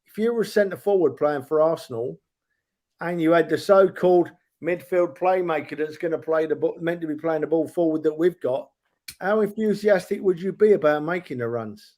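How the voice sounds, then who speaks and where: A man co-hosting a football podcast, arguing a point as devil's advocate with halting restarts. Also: on the high side, darkish tone. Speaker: podcast co-host. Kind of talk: casual football podcast chat.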